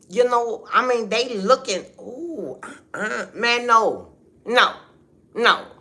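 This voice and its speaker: Middle-aged lady on a livestream, slow heated storytelling, keeps saying you know, kinda low voice. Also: a bit bright. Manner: emphatic, heated, fills talk with "you know". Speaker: livestream host.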